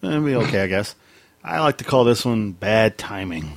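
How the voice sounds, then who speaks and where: A man telling a casual story in a halting way, full of fillers. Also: on the low side, expressive, no room sound.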